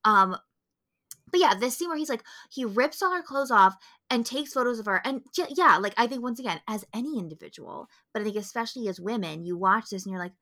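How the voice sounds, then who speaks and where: Podcast co-host, woman, high bright voice, swears freely in emphatic rants. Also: lively intonation, brisk. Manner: emphatic, profane ranting. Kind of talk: casual film review chat.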